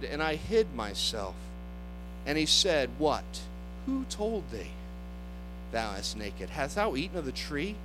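A man's voice: very high voice, bright, forceful tone, low-quality recording. A man preaching a sermon, impassioned, acting out the voices he quotes.

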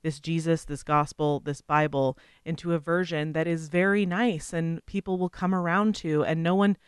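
Male co-host, high, smooth voice, earnest and wry, dry sound. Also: fairly even intonation, normal speed, dry recording. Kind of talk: casual Christian podcast discussion.

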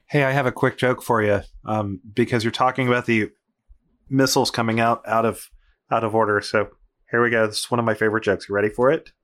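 A man's voice: mid-range voice, flat delivery, fast, fairly bright tone. A man co-hosting a casual chat show, playful and jokey. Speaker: podcast co-host.

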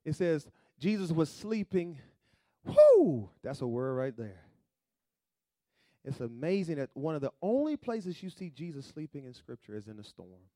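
Preaching man, hushed to shouting. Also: fairly high pitch, big pitch swings, moderate pace, dry recording. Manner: dramatic swings from hushed to shouting, conversational preaching. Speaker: pastor. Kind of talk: sermon.

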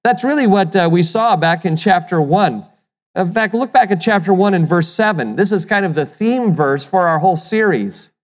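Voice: mid-range voice, expressive, normal speed, in a large hall. A pastor preaching a sermon with emphasis, asking the listeners rhetorical questions and sometimes repeating words as he restarts.

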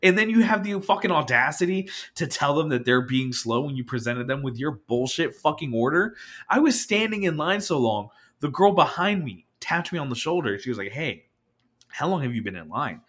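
A man's voice: a little high, lively intonation, moderate pace, fairly bright tone. A man co-hosting a podcast, telling a story in casual chat, acting out quotes and swearing as he gets worked up. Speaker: podcast co-host.

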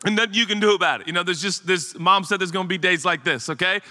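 A man's voice: high voice, quick pace. A middle-aged man, a pastor, telling a rambling, funny story in a sermon to his congregation. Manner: animated and chatty, rambling asides to the congregation. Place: church sanctuary. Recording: long hall reverb.

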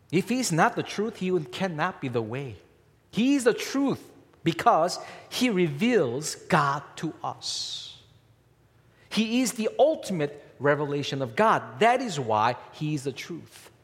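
Emphatic preacher in a reverberant hall. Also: male voice, fairly high pitch. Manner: emphatic, rising and falling preaching with repeated phrases. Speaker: pastor. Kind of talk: sermon.

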